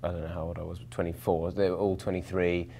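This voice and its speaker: A man's voice: deep voice, level tone, fast talker, creaky, mellow, a little hiss or hum. A young man from London, an actor answering interview questions in a rambling, self-mocking way, full of fillers and restarts. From England, London.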